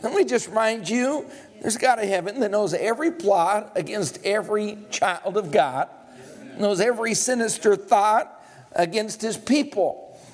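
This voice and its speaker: A man's voice: high voice, normal speed. A male preacher delivering a sermon, retelling a scripture story with humor and acting out the dialogue.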